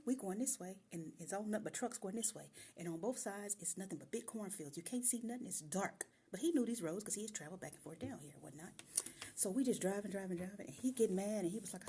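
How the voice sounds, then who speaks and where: A woman's voice: medium pitch, a little hiss or hum. A woman telling a personal story in a casual, colloquial way, calling her listeners "y'all" and often dropping into whispered asides. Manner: lively, drops into whispered asides.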